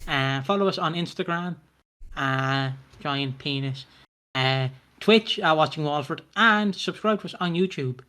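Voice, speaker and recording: A man's voice: on the high side, a little slow, pushed and bright, smooth. Guy cohosting, teasing and sweary, mock outrage, casual banter. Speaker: podcast co-host. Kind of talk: casual podcast chat.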